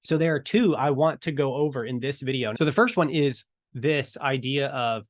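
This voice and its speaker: A man giving a casual training talk on evangelism, telling stories in a chatty, animated way. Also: mid-range voice, normal speed, no room sound, studio quality. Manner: storytelling, chatty, animated retelling. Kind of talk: casual teaching talk to camera.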